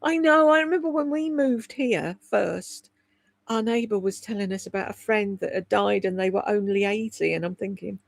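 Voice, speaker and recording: A woman's voice: medium pitch, normal speed, vocal fry, no room sound. A woman in her sixties chatting from home on a livestream, swearing freely, laughing often and rambling candidly. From United Kingdom. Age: 60s. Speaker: livestream host reading chat. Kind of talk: casual chat on a livestream.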